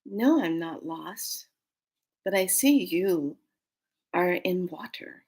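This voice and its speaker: A woman in her fifties voicing a proud female dragon spirit who speaks slowly and calmly. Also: lowish voice, husky, exaggerated voice. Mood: stately.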